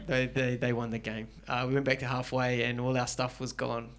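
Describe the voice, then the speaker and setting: A middle-aged man with a New Zealand accent doing stand-up comedy, telling stories with animated delivery and acting out characters. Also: mid-range voice, a little fast, few pauses, background noise. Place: garage venue with live audience.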